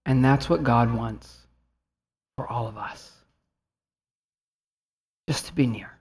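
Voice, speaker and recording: A man's voice: mid-range voice, slow, husky. A man in his thirties, a pastor preaching an earnest sermon and telling a family story, rising at times to fervent appeals.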